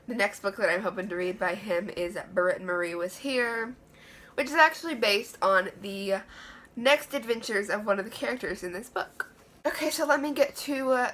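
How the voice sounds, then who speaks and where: A woman's voice: fairly high pitch, a bit bright. A woman giving an enthusiastic, chatty book review in a room lined with books. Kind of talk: casual book review vlog.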